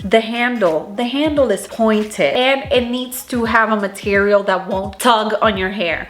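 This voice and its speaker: A woman's voice: mid-range voice, a bit bright. A woman vlogger giving a casual hair-styling how-to, chatty, cursing offhand and talking to herself as she goes. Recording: roomy echo with faint music.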